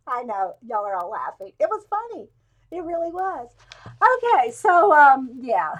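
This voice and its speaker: A chatty woman in her late fifties hosts a live stream, her voice sitting noticeably high. She wanders off on tangents, laughs often at herself, and talks to her viewers as if they were old friends. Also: lively intonation, unhurried, long pauses, fairly bright tone. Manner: rambling, digressive storytelling with frequent laughs. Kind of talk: casual live chat.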